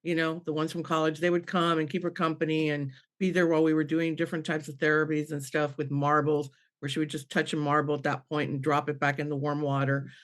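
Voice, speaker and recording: A woman's voice: low-pitched, little pitch movement, fast, few pauses. Middle-aged woman telling a heartfelt story. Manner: acts out quoted voices, restarts, laughs through tears. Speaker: medium on a panel podcast. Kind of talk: emotional personal storytelling.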